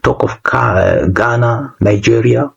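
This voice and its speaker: A man's voice: medium pitch, takes it slowly, gravelly, breathy edge, dull audio. A man with a Kenyan accent, talking to his YouTube audience in a preachy monologue that keeps repeating phrases and asking "huh?". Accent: Kenyan English. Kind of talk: casual monologue to camera.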